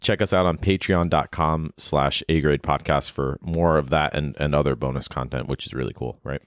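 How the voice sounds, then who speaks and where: A man's voice: a bass voice, fairly even intonation, normal speed, no echo. A man co-hosting a podcast, chatting casually in a rambling, hesitant way with lots of fillers. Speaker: podcast co-host.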